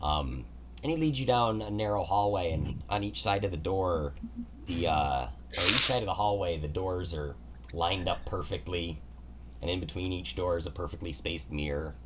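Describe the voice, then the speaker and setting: Deep-voiced man narrating a tabletop game. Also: moderate pace, fairly bright tone, a little hiss or hum. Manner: casual, descriptive, with fillers. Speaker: game master.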